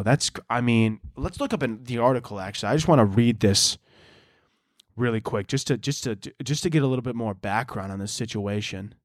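A young man hosting a podcast rambles through a profane, comedic monologue, telling stories in an animated way. His voice is medium in pitch, and the recording is dry and clean, with studio sound.

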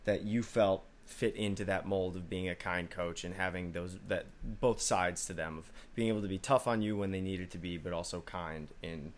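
A man hosting a podcast, asking long, measured interview questions. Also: deep voice, steady tone, a little hiss or hum. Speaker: podcast host.

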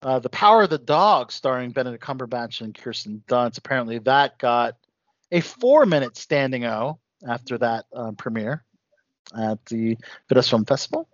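A man's voice: medium pitch, animated, normal speed, dry recording. A man hosting a casual movie news chat, talking loosely with lots of fillers and asides. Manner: chatty, many fillers and "you know". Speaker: host. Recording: dull lo-fi sound.

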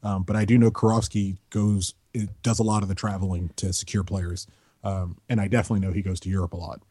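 A man with a low, husky, mellow voice chats casually on a soccer podcast. He drifts into joking tangents and long asides. The sound is dry and close, with no room around it. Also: level tone, fast, dry recording. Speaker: podcast co-host.

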